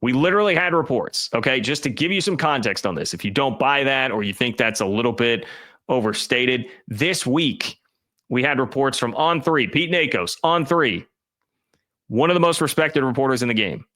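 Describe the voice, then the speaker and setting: Bright-voiced emphatic sports commentator man. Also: medium pitch, expressive, moderate pace. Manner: emphatic, conversational, addresses chat viewers. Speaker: college football commentator.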